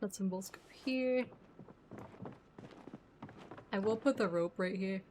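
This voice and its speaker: A woman's voice: mid-range voice, takes it slowly, a little mellow, a little hiss or hum. A woman streamer giving casual gameplay commentary, thinking aloud and trailing off with fillers while her voice is starting to go. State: losing her voice.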